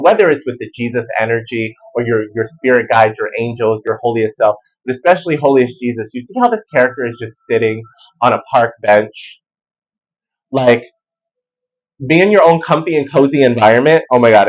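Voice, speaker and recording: A man's voice: mid-range voice, highs cut off. Chatty man giving a tarot reading. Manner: animated, slangy, rambling. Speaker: tarot reader. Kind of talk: casual spiritual card reading.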